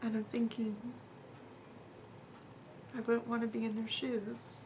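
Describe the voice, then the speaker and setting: In a slightly high, monotone voice that's a little mellow, a woman earnestly tells a personal story. Her delivery is casual and halting, with fillers, repeats and moments close to a whisper, and there's a little hiss or hum.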